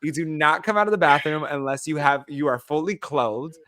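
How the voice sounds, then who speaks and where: A man's voice: fairly high pitch, animated, brisk, fairly bright tone, dry recording. Frank, chatty man in his thirties. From United States. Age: 30s. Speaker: podcast co-host. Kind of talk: casual chat.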